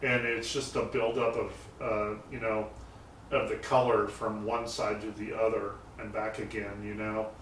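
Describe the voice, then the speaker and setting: A man's voice: lowish voice, level tone, a little slow, fairly bright tone. A man chatting about custom car builds, rambling through his stories with frequent fillers and restarts. He is recorded from a distance in a roomy, echoey garage. A faint hiss sits under his voice. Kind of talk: casual interview talk. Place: garage shop. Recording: roomy echo, mic set far off, faint noise.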